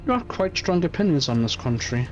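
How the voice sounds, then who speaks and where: A man voicing a composed, curious investigator in a game reading, asking polite measured questions. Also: a little high, sing-song. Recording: muffled stream audio, faint music.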